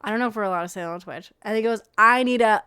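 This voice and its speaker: A young woman streaming casual reactions to reality show clips, chatty, swearing freely and dropping into quiet mumbled asides. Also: mid-range voice, racing, a little hiss or hum.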